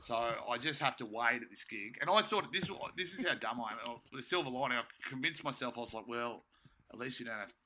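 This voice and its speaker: Aussie comic dude rambling thru a story, swears a lot, keeps restarting, really bright sharp voice. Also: male voice, lowish voice, animated, fast, a little hiss or hum. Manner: rambling, sweary, self-mocking, lots of restarts. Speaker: comedian guest. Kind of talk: casual storytelling.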